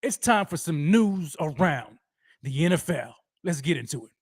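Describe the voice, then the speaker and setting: An energetic man hosts a sports fan livestream, shouting out viewers with pumped-up enthusiasm. His voice sits high for a man. The sound is dry and close, with no room around it. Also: moderate pace, breathy edge, no echo. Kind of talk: livestream roll call chat.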